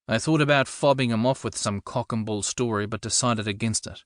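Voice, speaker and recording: A man's voice: mid-range voice, fairly quick, few pauses, no room sound. A man reading first-person narration for an audiobook with a dry, wry comic delivery.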